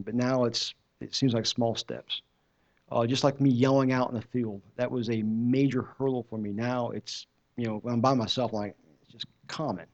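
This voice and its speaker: At a church service, a man with a mid-range, slightly mellow voice shares his personal testimony, telling it loosely and conversationally and restarting often. The recording sounds dull and muffled.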